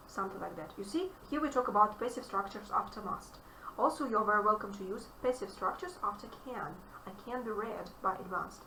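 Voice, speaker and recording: Animated Russian-accented woman teacher. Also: fairly high pitch. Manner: animated, emphatic, repeats key phrases. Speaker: English teacher. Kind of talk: online grammar lesson. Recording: echoey room, distant mic, faint noise.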